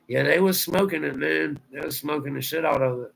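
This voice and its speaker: A man's voice: on the high side, a little fast, gravelly, fairly bright tone, rough recording. A man from Ohio with a Southern drawl, rambling through a casual livestream chat and answering viewer comments aloud. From Ohio, USA. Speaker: livestream host.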